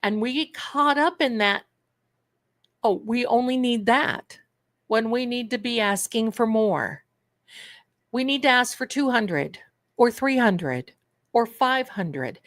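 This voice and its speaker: A woman's voice: fairly high pitch, lively intonation, measured pace, fairly bright tone, dry recording. A woman hosting a manifestation and tarot show, telling stories in a casual livestream chat and calling her viewers darlings. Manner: chatty storyteller, addresses viewers as darlings.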